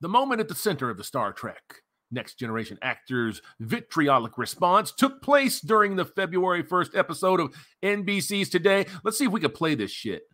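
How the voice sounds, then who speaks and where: A man's voice: high voice, very animated, brisk, sharp tone. A man hosting a commentary channel, mocking a news story in a sarcastic, profane rant.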